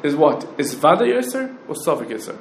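A man teaching a Talmudic law lecture, firing off rapid questions and rising challenges. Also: fairly high pitch, very animated, a little hiss or hum. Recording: roomy echo with faint ambience.

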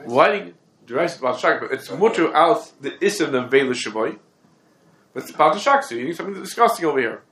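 A man delivers a Talmudic lecture, firing questions and answering them himself. His voice sits a little high. The room around him is echoey. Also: animated, a bit bright. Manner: rapid, question-and-answer reasoning. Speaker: Torah teacher.

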